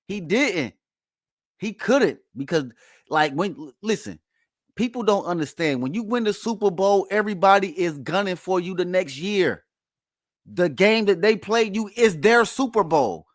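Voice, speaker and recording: Man host, higher pitch, dry close sound, emphatic mocking sports reactions. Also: no room sound. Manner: emphatic, playfully mocking, repeats himself. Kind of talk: casual sports reaction commentary.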